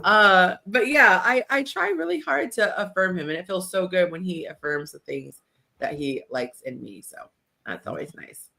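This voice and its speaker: A woman's voice: on the low side, lively intonation, moderate pace, gravelly, pushed and bright. A woman hosting a casual talk show, chatty and self-deprecating, laughing between thoughts. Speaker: podcast host. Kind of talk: casual chat.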